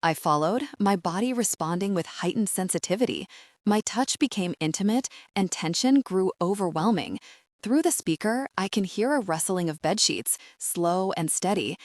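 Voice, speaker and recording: A woman narrating a romance audiobook in the first person, soft, intimate and breathy. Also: lowish voice, dry recording, studio quality.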